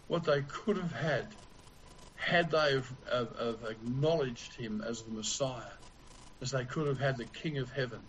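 A man preaching a sermon in a slow, deliberate way with long pauses. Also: medium pitch, a little hiss or hum, poor audio.

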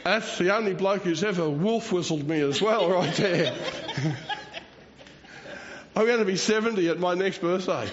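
Heard through a dull lo-fi recording, this man in his sixties has a voice that sits high and moves at an ordinary pace. He's a pastor giving a self-deprecating, meandering sermon, chuckling as he goes.

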